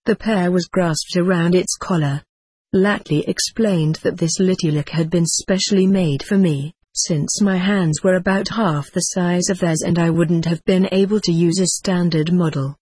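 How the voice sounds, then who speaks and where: An audiobook narrator giving an even, steady first-person reading. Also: medium pitch, moderate pace, breathy edge, no room sound.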